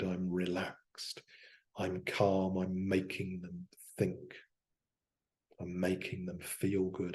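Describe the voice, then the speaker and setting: Speaking in a low pitch, a coach shows how self-hypnosis works by talking himself through gentle, unhurried affirmations out loud.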